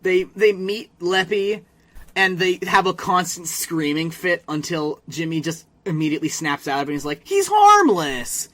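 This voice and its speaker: Speaking at a normal pace, this male podcast co-host has a slightly high, somewhat bright voice and keeps his tone level. He runs through a cartoon episode in a casual way, doing over-the-top impressions of the characters' quotes and cursing a lot.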